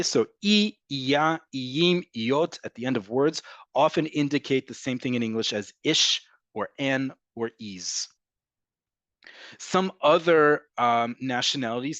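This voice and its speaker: A man teaching an online class, patiently explaining and slowly repeating words to model how they sound. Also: mid-range voice, fairly bright tone, dry recording, muffled recording. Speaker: Hebrew teacher.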